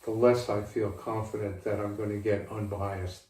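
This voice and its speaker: An older man being interviewed by his daughter, speaking in a measured, deliberate way with frequent restarts. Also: fairly low pitch, flat delivery, warm tone. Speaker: interviewee, father of the host. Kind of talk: casual conversational interview. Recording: echoey room, mic at a distance, faint background hiss.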